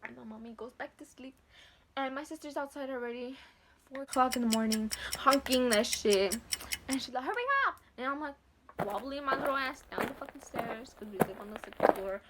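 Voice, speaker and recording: A woman's voice: high-pitched, a little fast, crowd noise. A young woman vlogger casually telling a long personal story, acting out the other voices and swearing freely. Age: young adult. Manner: animated, acts out voices, swears freely, mixes Spanish.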